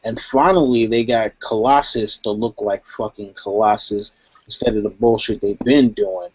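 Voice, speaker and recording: A man chatting on a live stream in a laid-back, rambling way, peppered with "you know". His voice is fairly low, dry and close, with dull lo-fi sound. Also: steady tone, normal speed, a little mellow, dry recording. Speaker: guest in live chat. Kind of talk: casual chat.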